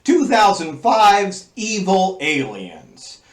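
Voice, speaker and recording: Man reviewing movies, over-the-top and crude, unhurried delivery, roomy echoey sound. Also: sits high, very animated. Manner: over-the-top, gleefully crude list-reading. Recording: roomy echo.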